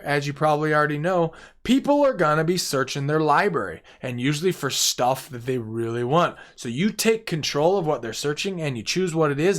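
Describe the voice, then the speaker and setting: A man with a somewhat high voice talks through a card game deck in a relaxed, casual way. He sounds gleeful and playful, savoring each card and repeating words for effect.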